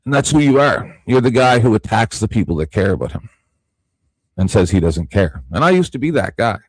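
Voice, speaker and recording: A man arguing heatedly on a stream, repeating himself and swinging between loud outbursts and low, quiet talk. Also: very animated, fairly quick, no echo. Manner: repetitive, confrontational, swings from shouting to low and quiet. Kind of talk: heated argument on a live stream.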